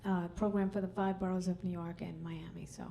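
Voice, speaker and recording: A woman's voice: fairly low pitch, little pitch movement, fairly quick, gravelly, warm tone, slight background noise. A woman hosting a comedy club stage, doing chatty, self-mocking stand-up and working the crowd on a handheld mic.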